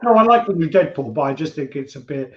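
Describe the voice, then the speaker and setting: A man's voice: on the high side, animated, quick pace, a crowd in the background. A man co-hosting a casual livestream chat about collectibles. He rambles, swears and tells jokes. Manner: rambling, swearing, joke-telling. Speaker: co-host. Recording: muffled, roomy stream audio.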